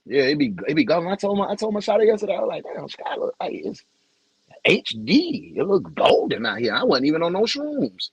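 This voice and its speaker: A man's voice: high voice, big pitch swings, fairly quick, gravelly, husky, dry recording, muffled recording. A young man with a Southern US accent, hosting a casual livestream in a loose, joking, slangy way and greeting viewers by name. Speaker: livestream host.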